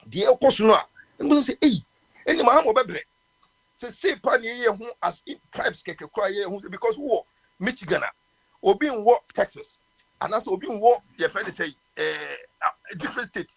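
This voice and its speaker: Husky Ghanaian man on live radio. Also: high-pitched, a bit bright. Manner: passionate, mixing Twi and English, with many restarts. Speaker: radio host. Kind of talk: live radio call-in talk.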